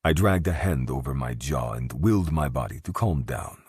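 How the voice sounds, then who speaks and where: A man narrating a romance audiobook in the first person, gruff and commanding. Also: rumbling low, animated, normal speed, darkish tone, no echo, clean studio sound.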